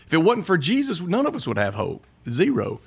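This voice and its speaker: A middle-aged man, a pastor telling his story in a casual interview, folksy and quick to laugh. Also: on the high side, wildly swooping pitch, vocal fry, slightly rough. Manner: folksy, laughs often, quotes himself.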